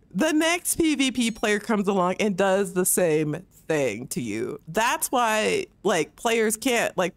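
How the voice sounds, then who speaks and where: A woman's voice: medium pitch, no echo. A woman game streamer on a close mic, ranting heatedly and with plenty of swearing during a livestream, often mocking others in put-on voices. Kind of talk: livestream rant while gaming.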